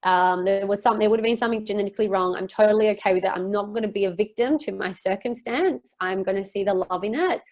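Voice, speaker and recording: A woman's voice: mid-range voice, fast talker, few pauses, darkish tone. A young woman talking as a podcast guest, telling a personal story openly and emotionally, rambling with many fillers.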